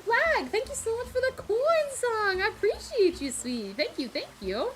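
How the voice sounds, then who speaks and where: A young Australian woman streaming live, chatting casually with viewers and reading aloud, giggly and animated. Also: very high-pitched, unhurried, faint music behind, rough recording.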